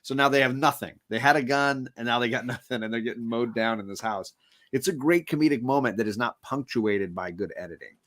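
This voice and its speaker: Animated man retelling movie scenes. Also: medium pitch. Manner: animated storyteller, acts out movie lines in quick voices. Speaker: co-host of a movie discussion show. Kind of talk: casual film chat.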